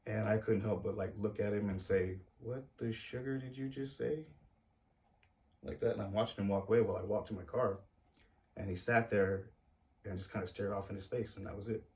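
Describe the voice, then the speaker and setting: A man telling a personal story to camera in a casual, hesitant way, uneasy and halting. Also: lowish voice, flat delivery, a little mellow, far from the mic.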